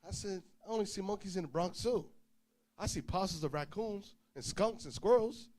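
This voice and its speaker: A male preacher telling a travel story in an informal sermon, acting out both sides of the dialogue and swinging between loud and soft. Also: high-pitched, normal speed, slight background noise.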